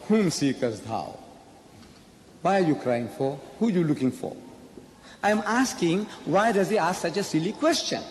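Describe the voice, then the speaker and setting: A man's voice: fairly high pitch, a little mellow. A man giving a public lecture to a live audience, posing rhetorical questions and answering them himself. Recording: echoey hall, faint background noise.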